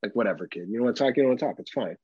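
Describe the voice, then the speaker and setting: A man's voice: mid-range voice, racing, slightly rough, dry recording, dull audio. A young adult man co-hosting a comedy podcast, talking casually and with a lot of swearing, acting out exaggerated voices. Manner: profane, animated, acts out exaggerated voices. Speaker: podcast co-host.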